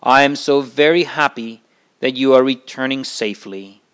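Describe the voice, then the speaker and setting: A man voicing a humble, gentle crippled man in a Bible story who answers calmly and without anger. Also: mid-range voice, moderate pace, clean tone, close to an everyday voice.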